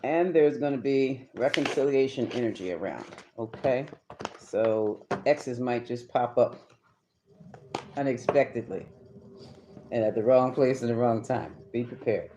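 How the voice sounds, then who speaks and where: A man's voice: medium pitch, a little slow, noisy background. A man doing a live tarot reading, chatty and emphatic, talking straight to his viewers. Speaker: tarot reader.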